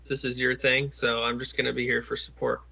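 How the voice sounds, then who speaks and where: A man's voice: medium pitch, completely flat delivery, a little fast, creaky, bright, forceful tone, slightly rough. A man working as a job coach, talking someone through a phone call in a patient, encouraging way with lots of fillers and restarts, over a video call.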